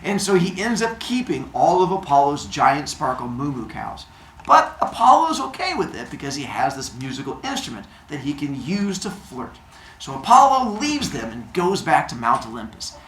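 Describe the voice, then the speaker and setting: A man's voice: on the high side, big pitch swings, moderate pace, a bit bright, a little hiss or hum. A man hosting a show, retelling myths comically with goofy sound effects and silly noises. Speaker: storyteller host. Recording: roomy echo.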